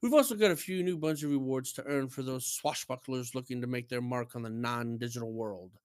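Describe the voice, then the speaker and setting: A man co-hosting a casual podcast, reading out a listener message and the weekly news with lively emphasis. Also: medium pitch, fairly quick, clean tone, no room sound. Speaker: podcast co-host.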